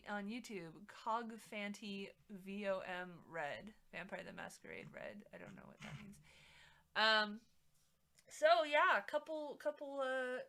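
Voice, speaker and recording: Brief: female streamer, rambling casual chat, lots of ums, crisp bright tone, mic a bit off the mouth. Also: mid-range voice. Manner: rambling, chatty, many fillers. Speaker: live streamer. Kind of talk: casual chat while crafting. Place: home streaming setup. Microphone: mic set a little away from the mouth.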